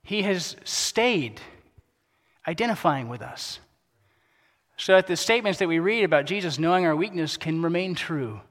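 A pastor preaching a sermon in a casual, conversational way, dropping to a soft, quiet voice for emphasis. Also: male voice, on the high side, lively intonation, moderate pace. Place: church sanctuary. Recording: long hall reverb.

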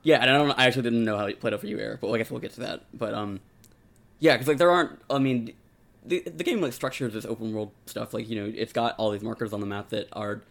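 A man's voice: medium pitch, gravelly, a bit bright. A man in a casual chat, talking in a rambling way full of fillers. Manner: rapid, rambling with many "like"s.

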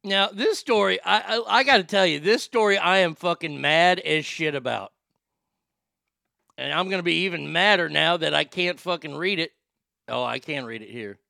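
Podcast host, man, high gravelly voice, mocking comedic delivery. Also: normal speed, no room sound, clean studio sound. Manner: loud, mocking, laughs at his own jokes. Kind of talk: casual comedic commentary.

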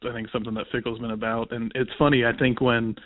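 A man's voice: medium pitch, level tone, fast talker, dry recording. A man, a guest on a podcast, giving easygoing, conversational sports analysis. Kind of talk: casual sports chat. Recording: tinny phone line, dry.

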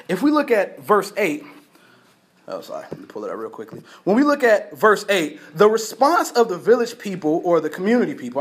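Male pastor with a high voice, preaching casually and acting out the story. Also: huge pitch swings, a little fast. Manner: casual storytelling, acts out characters, laughs often. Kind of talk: sermon. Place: church.

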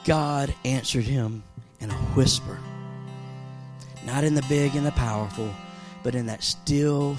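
A man preaching a sermon as pastor. He moves between rousing, emphatic exclamations and hushed, softer storytelling. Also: medium pitch, unhurried, pauses often. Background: soft guitar music.

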